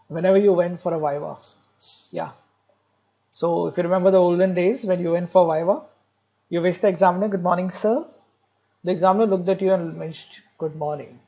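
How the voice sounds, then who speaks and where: Guy teaching med students, repeats terms a lot, kinda high voice, muffled lo-fi audio. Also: a little mellow. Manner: explanatory, repeats key terms, frequent "okay"; addresses students directly, lightly joking. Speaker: medical lecturer. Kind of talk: recorded exam-prep lecture.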